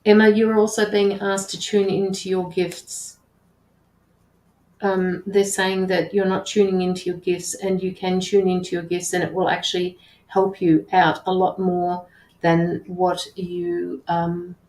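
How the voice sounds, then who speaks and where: Flat-voiced woman giving a tarot reading. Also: lowish voice, roomy sound, low-quality recording. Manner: earnest, halting, relays messages with many restarts. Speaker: tarot reader and medium. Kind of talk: live intuitive reading.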